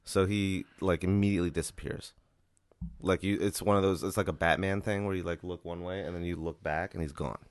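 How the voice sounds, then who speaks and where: Deep-voiced man rambling a comic story. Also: steady tone, a little fast, dry recording. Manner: rambling, profane, fillers like "like". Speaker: host.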